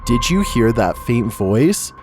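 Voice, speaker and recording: A man giving scripted narration for a horror countdown video, with measured, wry commentary. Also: mid-range voice, big pitch swings, heavy background noise. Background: background music.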